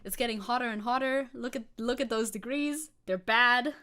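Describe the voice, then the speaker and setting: A woman's voice: fairly high pitch, moderate pace, pushed and bright, clear, resonant tone. A woman streamer giving casual, sarcastic commentary, laughing often and swearing. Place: hot room at home.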